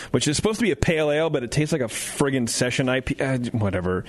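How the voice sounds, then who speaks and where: A man's voice: mid-range voice, expressive, racing. A man hosting a radio show in a studio, joking loosely, swearing freely and doing casual live ad reads. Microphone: studio microphone.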